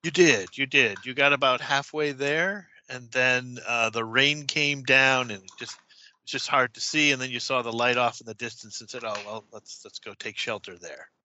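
A man narrating as game master of a tabletop horror game, talking haltingly with many restarts. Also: mid-range voice, sharp tone, highs cut off.

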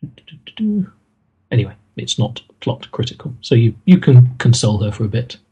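A man running a tabletop game as game master, halting and hesitant as he narrates. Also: medium pitch, expressive, dark tone, husky, poor audio.

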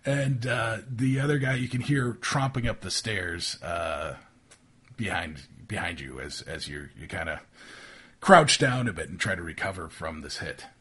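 A man's voice: deep voice, unhurried, a bit bright, husky. A man running a tabletop game as game master, narrating with many fillers and restarts over a call.

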